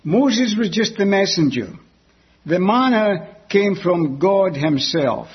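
A man preaching a sermon that explains a Bible passage, deliberate and repeating key words for emphasis. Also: high voice, expressive, husky, highs cut off.

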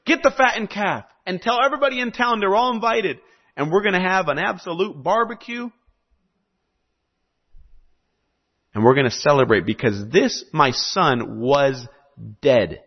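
A man's voice: high voice, animated, normal speed, pitched above the performer's own voice. A preacher voicing a tender old father. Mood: joyful. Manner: gentle, reassuring. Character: loving old father welcoming his son home. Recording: slightly muffled recording.

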